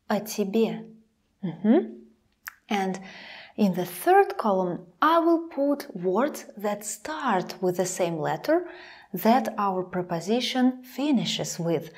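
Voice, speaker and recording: A young woman with a Russian accent giving a pronunciation lesson, saying each example slowly twice and sometimes dropping to a whisper. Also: mid-range voice, a little mellow, husky. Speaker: Russian language teacher.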